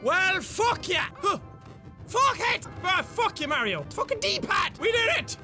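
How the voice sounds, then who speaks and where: A man rants at a video game in a voice edited up to a squeaky, very high pitch. His delivery swings wildly up and down as he swears and shouts through the commentary. Music plays clearly underneath. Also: wildly swooping pitch, measured pace. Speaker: gaming commentator. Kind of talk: frustrated gameplay commentary.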